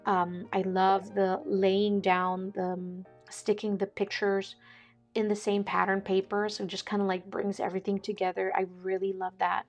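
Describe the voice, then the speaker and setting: A woman, chatting casually as a vlogger, excitable and quick to laugh. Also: mid-range voice, faint music behind. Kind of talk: casual chat.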